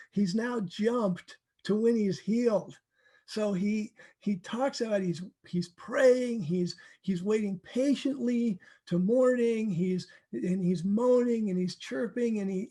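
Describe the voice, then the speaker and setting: A man teaching from the Bible in a casual, animated way, acting out verses and laughing often. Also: high-pitched.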